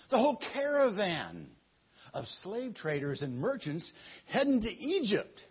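A man voicing an excitable brother exclaiming at what he sees. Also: high-pitched, unhurried, slightly rough, pitched above the performer's own voice, exaggerated voice. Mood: excited. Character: excited scheming brother spotting a caravan. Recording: muffled lo-fi recording.

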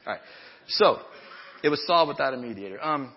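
A man's voice: medium pitch, lively intonation, fairly quick, husky, dull audio. A man preaching a sermon in a conversational way, with humorous asides to his congregation. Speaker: pastor.

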